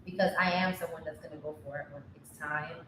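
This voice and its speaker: A woman guest on a casual podcast, animated and quick to chime in. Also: low voice, far from the mic, crowd noise. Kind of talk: casual after-dark podcast chat. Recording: very echoey room.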